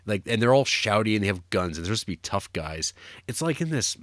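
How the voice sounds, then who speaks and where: Rambling low-voiced guy, dry close sound. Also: fast talker, fairly bright tone, no echo. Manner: rambling, lots of fillers and restarts. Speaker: podcast co-host. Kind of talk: casual chat.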